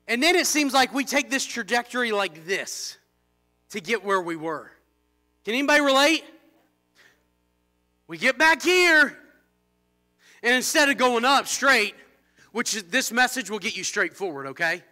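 A man preaching a fervent church sermon, swinging between low, intense warnings and loud shouted exclamations. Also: expressive, a little slow, pauses often. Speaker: pastor.

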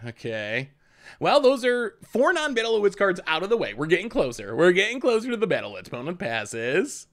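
A man's voice: fairly high pitch, fairly bright tone. A man casually commentating his card game on a live stream, chatty, laughing often and repeating himself as he talks.

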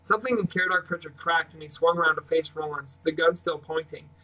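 A man reading a novel aloud with even, plain storytelling. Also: a little high, a little fast, distant mic, rough recording. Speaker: reader. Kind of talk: audiobook reading.

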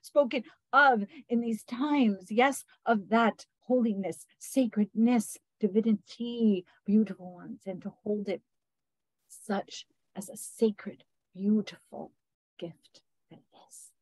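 A woman channeling a gentle, formal collective of light beings over a video call, with lilting phrasing and a repeated "yes". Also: medium pitch, takes it slowly, no room sound, rough recording. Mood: tender. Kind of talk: spiritual channeling.

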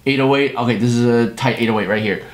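A man making a beat against the clock in a comedic vlog, talking himself through it with loud, profane chatter and mock-dad jokes. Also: medium pitch, fast talker. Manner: hyper, profane self-talk while working; jokey mock-dad banter. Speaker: music producer. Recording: echoey room with steady noise.

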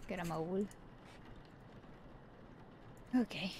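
A woman's voice: fairly low pitch, normal speed, slight background noise. A woman in casual live-stream commentary, playing a horror game, chatty and playful, talking back to the characters and slipping into silly voices. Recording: game ambience under the voice. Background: game sound ambience.

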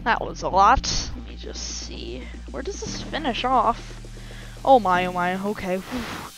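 A woman talks through her video game run in a slow, easygoing way, her voice sitting at an ordinary middle pitch. She pokes fun at her own mistakes and keeps letting out little exclamations and sighs of relief. Faint music plays under her voice. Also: expressive, fairly bright tone, rough recording. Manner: self-mocking, frequent exclamations and sighs. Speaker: gameplay commentator. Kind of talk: casual gameplay commentary.

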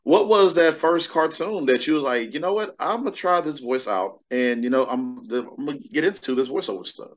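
A man's voice: fairly high pitch, animated, moderate pace, few pauses. Easygoing male host, dull lo-fi sound. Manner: friendly, easygoing questions with fillers. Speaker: interview host. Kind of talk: casual interview chat.

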